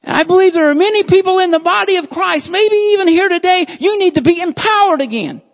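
A preacher delivering a sermon in repeated, building phrases, by turns loud and fervent, then quiet and earnest. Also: extremely high pitch, animated, fast talker, long reverb tail, muffled recording.

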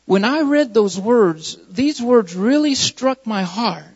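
A man's voice: sits high, animated, slow pace, slightly rough, long reverb tail, dull audio. A male pastor preaching a sermon, repeating key phrases with rising emphasis.

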